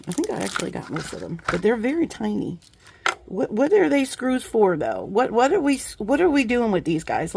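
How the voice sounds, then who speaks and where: A middle-aged woman vlogger with a medium-pitched, gravelly voice chats casually while unboxing craft supplies. She's effusive, laughs easily, and often trails off mid-sentence.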